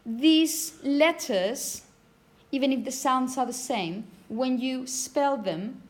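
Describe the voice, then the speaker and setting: A woman teaching phonetics to a class, repeating example words slowly and checking understanding with frequent "okay?". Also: a little high. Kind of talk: classroom lecture.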